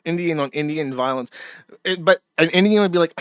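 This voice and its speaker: Male streamer, sarcastic, swearing often, slightly high voice, dry close mic. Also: brisk, clean tone, no echo. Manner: profane, sardonic ranting. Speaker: streamer host. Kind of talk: live-stream commentary.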